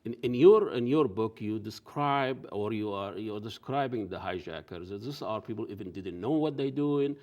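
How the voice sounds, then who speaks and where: A male talk show host asking questions in a halting way, often restarting and trailing off quietly. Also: lowish voice, lively intonation. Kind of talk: interview questions.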